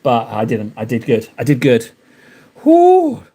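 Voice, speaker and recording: A man's voice: medium pitch, wildly swooping pitch, a little slow, mellow. A young adult man hosting a live stream, chatting casually and playfully with viewers while painting miniatures, teasing them in mock-dramatic bursts.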